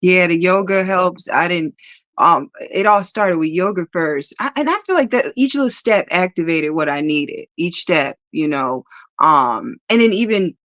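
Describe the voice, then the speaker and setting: Animated woman guest, bursts of laughter. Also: lowish voice, unhurried, no echo. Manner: animated, laughs often, acts out quoted voices. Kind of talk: casual spiritual conversation.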